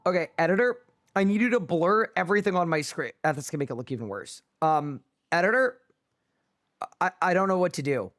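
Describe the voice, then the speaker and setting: A man's voice: high voice, expressive, brisk, fairly bright tone. Playful male game streamer. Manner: playful, incredulous banter. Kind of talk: casual livestream chat with viewers.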